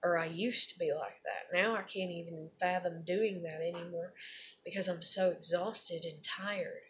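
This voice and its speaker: A woman's voice: lowish voice, steady tone, moderate pace, a little hiss or hum. Rambling, blunt woman. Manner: rambling, confessional, blunt with frequent swearing. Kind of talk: candid personal monologue.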